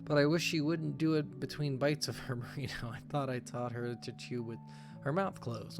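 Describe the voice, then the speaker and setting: Gravelly man joking through a game. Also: medium pitch, steady tone, normal speed, over music. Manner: jokey, swears casually. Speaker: gaming channel host. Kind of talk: let's play commentary.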